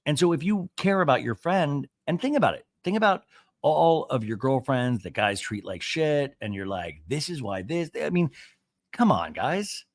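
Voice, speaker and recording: Animated gossipy male podcast host. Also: on the high side, moderate pace, no echo, studio quality. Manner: animated, gossipy, acts out quotes. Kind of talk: casual reality-show recap.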